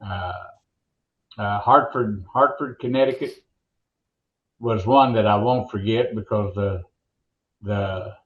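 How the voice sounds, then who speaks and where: A man's voice: on the low side, takes it slowly, long pauses. Folksy older Oklahoma man, muffled line. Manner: folksy, rambling joke-teller. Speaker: guest, former monster truck announcer. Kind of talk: casual interview storytelling.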